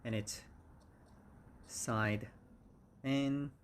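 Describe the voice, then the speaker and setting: A man teaching English vocabulary, saying each word slowly and repeating it several times. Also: medium pitch, steady tone, slight background noise. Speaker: English instructor. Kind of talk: vocabulary lesson.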